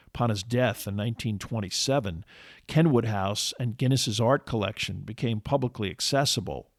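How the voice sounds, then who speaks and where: A man narrating a history podcast in a measured, steady scripted read. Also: mid-range voice, no room sound, clean studio sound.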